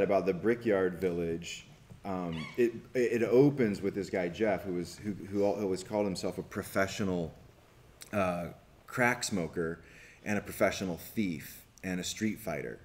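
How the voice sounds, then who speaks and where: A man, a documentary filmmaker, telling a story on a festival panel in an animated way, acting out quotes, with many restarts. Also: sits low, normal speed.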